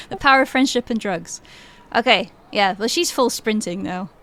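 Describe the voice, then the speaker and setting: A woman's voice: a little high, a bit bright. A woman narrating a tabletop game as game master, casual and giggly.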